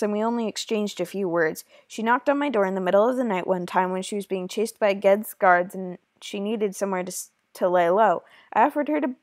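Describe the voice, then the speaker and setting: Brief: woman voicing a warm-hearted, secretive beekeeper, mid pitch, dry close sound. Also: no echo, lightly acted. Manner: gentle, confiding storytelling.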